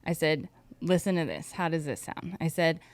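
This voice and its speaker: A woman in her thirties speaks candidly as a podcast guest, her voice lowish and smooth. She talks in a chatty, personal way, full of "like", and the sound is close and dry. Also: dry recording. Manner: candid, fast talking, uses "like" often. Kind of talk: emotional personal story.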